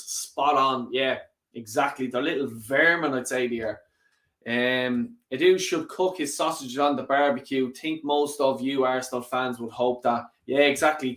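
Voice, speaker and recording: A man hosting a football fan live stream, reading viewer comments in a lively, sweary way. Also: medium pitch, roomy sound. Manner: animated and sweary, rants and laughs often. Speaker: football fan channel host.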